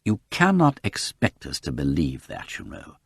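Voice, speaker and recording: A man voicing an earnest police detective who speaks in a gently reproving, imploring way. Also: mid-range voice, wildly swooping pitch, a little slow, slightly rough, no room sound, clean studio sound, pitched above the performer's own voice, heavily acted.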